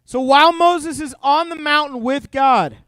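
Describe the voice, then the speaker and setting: A young man preaching a youth sermon as an animated, joking storyteller. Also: very high voice, a little slow, no room sound. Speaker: youth pastor.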